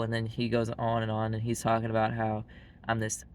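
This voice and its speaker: A man with a Southern US drawl, talking bluntly and plainly as he rambles to the camera. His pitch stays level and even from start to finish. A faint hiss of noise sits under his voice. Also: a little fast. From Arkansas, US. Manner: blunt and frank, heavy use of "like" fillers. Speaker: vlogger. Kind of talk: casual monologue to camera.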